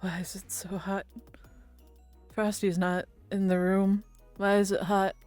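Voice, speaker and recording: A woman's voice: medium pitch, flat delivery, unhurried, darkish tone, faint music behind. A woman streamer chatting casually with her viewers, rambling and laughing often. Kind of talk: casual livestream chat.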